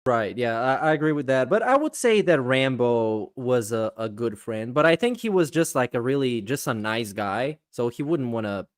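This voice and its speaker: A man's voice: mid-range voice, lively intonation, moderate pace, hardly any pauses, dry recording. A man in casual podcast talk with a mid-range voice, agreeable and a little hesitant, often restarting his sentences. The sound is dry and close. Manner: agreeable, hesitant, many fillers. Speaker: podcast co-host.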